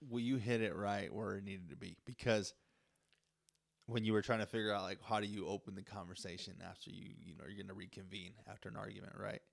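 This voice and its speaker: An easygoing man co-hosts a relaxed podcast chat, agreeing readily and laughing often. His voice is fairly low and has a gravelly fry. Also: quick pace. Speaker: podcast co-host.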